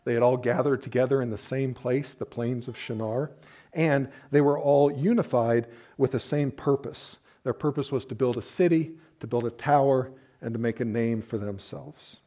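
A pastor delivers a sermon conversationally, with a medium-pitched, warm voice at a moderate pace. He sprinkles in playful asides and acts out the quotes.

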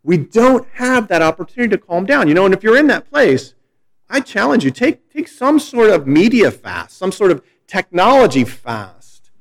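A man's voice: high voice, very animated, moderate pace. A middle-aged man, a pastor, preaching a sermon in a conversational, storytelling way with frequent restarts.

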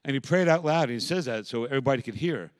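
A man's voice: mid-range voice, expressive, fast talker, no room sound. Impassioned male preacher, dry sound. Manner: builds from quiet reflection to loud, impassioned preaching. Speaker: pastor. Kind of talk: sermon.

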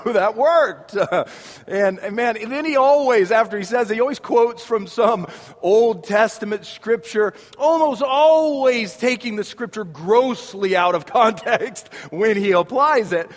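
A man preaching a sermon as pastor, building with passion to loud emphatic peaks. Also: very high voice, expressive, a little slow. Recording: long reverb of a large hall.

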